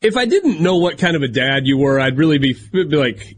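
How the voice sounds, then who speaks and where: A man's voice: on the high side, sing-song, brisk. A man hosting a sports talk radio show, easygoing and wry, teasing his co-host.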